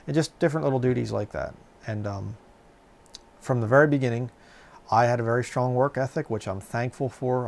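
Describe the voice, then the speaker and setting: Man, middle-aged, gravelly, rambling casual storytelling, lots of fillers. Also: fairly low pitch, darkish tone. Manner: rambling, many fillers and restarts. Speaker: channel host.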